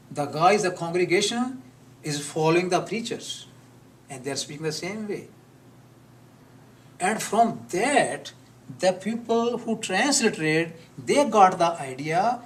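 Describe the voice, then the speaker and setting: A man teaching a live class, who speaks deliberately and repeats words to model how they are pronounced. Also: fairly high pitch, recorded from a distance. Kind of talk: live classroom lecture on pronunciation.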